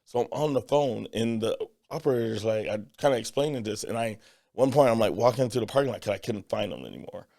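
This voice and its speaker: Gravelly man telling a story. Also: fairly low pitch, fast. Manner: animated storyteller, acts out quotes. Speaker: podcast co-host. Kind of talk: casual chat.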